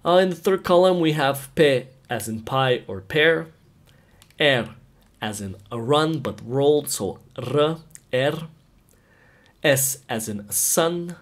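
A man giving an alphabet pronunciation lesson, carefully sounding out each letter one by one. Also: medium pitch. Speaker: language teacher.

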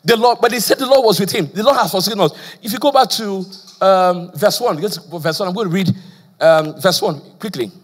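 A man's voice: high voice, brisk. A male pastor from Nigeria preaching a sermon with call-and-response questions, a slight stammer and frequent "praise the Lord.". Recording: long church hall reverb.

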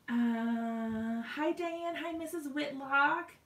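A talkative woman in her thirties hosts a casual craft live stream from a room in her home. Her voice sits a little high, and she laughs often, apologizes, and fills her sentences with ums. She is sometimes winded, and her voice comes and goes as she moves nearer to or farther from the mic. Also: normal speed, a bit bright. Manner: chatty, apologetic, laughs often, many fillers. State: out of breath.

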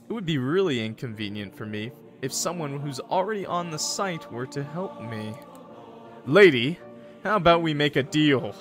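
A man's voice: mid-range voice, a bit bright. A man voicing a smug, cocky male guardian angel, reading game dialogue in a playful, sly drawl.

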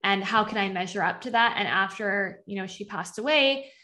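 A woman's voice: mid-range voice, normal speed, sharp tone. Chatty young woman telling her story. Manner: chatty, heavy use of "like", acts out her own past thoughts. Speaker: podcast guest. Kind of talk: conversational storytelling.

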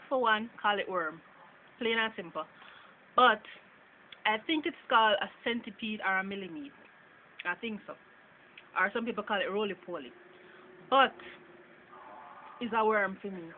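A woman's voice: medium pitch, expressive, a little slow, long pauses. A woman from Jamaica with a Jamaican accent, casually reading a word list for an accent tag and chatting about how she says each word. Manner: casual, chatty, laughs between words. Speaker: vlogger. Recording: tinny phone-like audio with faint noise.

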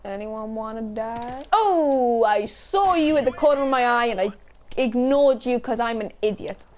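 A woman's voice: fairly high pitch, animated, unhurried, darkish tone, a little hiss or hum. A young woman giving casual, sweary commentary while playing a shooter game, laughing often and shrieking now and then. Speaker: gaming YouTuber.

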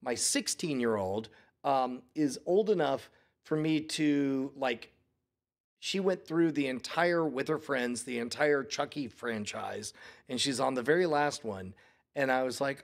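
A man in his forties chatting casually on a podcast, rambling and acting out quotes in lively voices. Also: mid-range voice, measured pace. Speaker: podcast co-host. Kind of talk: casual chat.

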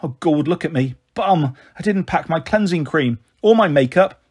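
A man puts on a harried young mother who keeps things light with brisk, wry remarks. The voice sits a little higher than a typical man's and has a husky grain to it. She sounds tired underneath the cheer. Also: expressive. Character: weary, tearful young mother on the run. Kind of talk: audiobook character voice.

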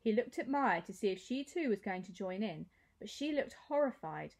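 A woman teacher reading a children's novel aloud with expressive storytelling. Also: medium pitch, normal speed.

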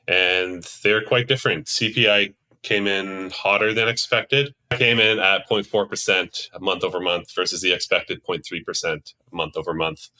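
A man's voice: low-pitched, sharp tone, no echo. A man who is a podcast guest, walking through market data in casual discussion, upbeat, with frequent ums. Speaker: podcast guest, macro and crypto analyst.

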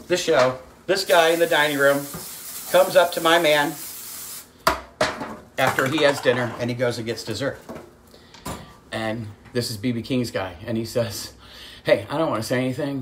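A woman's voice: deep voice, noisy background. A woman hosting a casual livestreamed cooking demo from her home kitchen, telling stories and greeting viewers by name. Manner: chatty storyteller, greets viewers by name, calls audience kids. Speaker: cooking show host.

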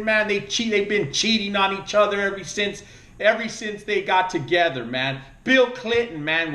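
A man with a Latino American accent ranting about politics and pleading like a preacher, emotional, his voice jumping up high and dropping low. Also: bright, forceful tone, roomy sound. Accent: Latino American English. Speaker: vlogger. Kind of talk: impassioned political rant.

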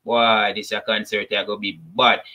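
A man's voice: on the low side, little pitch movement, moderate pace, lo-fi sound. A man with a Jamaican accent hosting casual commentary, chatting to his viewers in patois. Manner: chatty, addresses viewers as people, patois asides. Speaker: commentary channel host.

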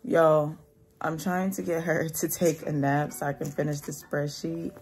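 A woman's voice: low voice, fairly even intonation, a little slow, a little mellow. A young woman vlogging at home in her kitchen, chatting loosely to camera with lots of "like" and sounding worn out. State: tired, drained. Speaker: vlogger, single mom working from home. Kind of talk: casual vlog chat to camera. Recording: noisy home ambience.

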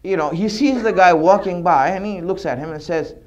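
Man, sermon, storytelling, repetitive, conversational, high voice. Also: fairly quick, few pauses, a little mellow. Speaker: religious speaker.

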